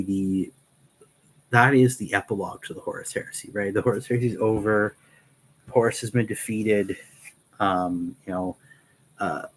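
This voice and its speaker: A man's voice: lowish voice, a little hiss or hum, rough recording. A man hosting a Q&A, casually rambling through stories with many restarts. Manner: rambling, full of fillers and restarts. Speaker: host of a Q&A channel.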